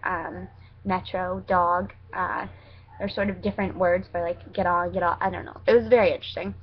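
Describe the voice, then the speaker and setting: A young American woman, a student vlogging abroad, tells stories in a casual, chatty, rambling way, correcting herself and using lots of fillers. Her voice is mid-range, and the highs are cut off.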